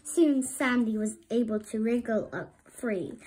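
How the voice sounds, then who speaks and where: A woman reads a children's story aloud at an unhurried pace. Her voice sits a bit high, and she stumbles and restarts now and then. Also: mellow, husky. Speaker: storybook reader.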